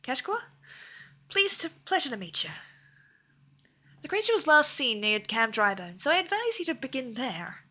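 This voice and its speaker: A woman's voice: high voice, big pitch swings, moderate pace, pauses often, sharp tone, exaggerated voice. Woman reading a prim, formal guild clerk. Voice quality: formal, precise diction. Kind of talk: reading game dialogue aloud.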